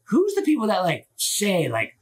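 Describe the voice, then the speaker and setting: A man's voice: sits high, wildly swooping pitch, normal speed, slightly rough. A man hosting a live stream, chatting casually and opinionatedly, with lots of filler words and swearing, into a phone. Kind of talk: casual rambling chat.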